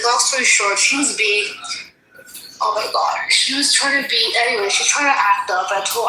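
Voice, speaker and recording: Fast indignant woman in an echoey room. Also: fairly high pitch, pushed and bright. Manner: fast, indignant storytelling, swearing. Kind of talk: heated casual chat. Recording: echoey room with faint noise.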